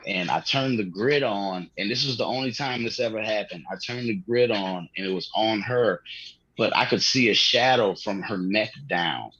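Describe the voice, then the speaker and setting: Male comedian guest, husky low voice, loose slangy storyteller. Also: normal speed, bright, forceful tone, dry recording, highs cut off. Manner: rambling, slangy, swears, laughs often. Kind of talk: casual podcast storytelling.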